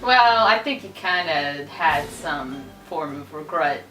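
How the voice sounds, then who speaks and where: A woman chats giggly and easygoing about a film, her voice swinging lively up and down. She sounds a bit distant in a roomy space, with faint music behind. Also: sits low, slow. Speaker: film reviewer. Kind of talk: casual review chat. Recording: roomy, away from mic.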